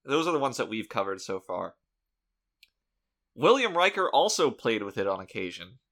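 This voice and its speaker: A man's voice: medium pitch, big pitch swings, moderate pace, fairly bright tone. A man co-hosting a podcast in casual chat, talking with dry, sarcastic humor. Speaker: podcast co-host.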